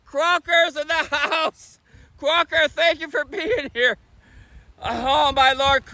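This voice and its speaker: A man with a Michigan accent chatting fast and casually on a livestream, sitting outdoors on a bench by a bridge. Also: extremely high pitch, sharp tone, rough recording. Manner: talks fast, chatty, laughs often. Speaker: streamer. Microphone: phone camera on a tripod.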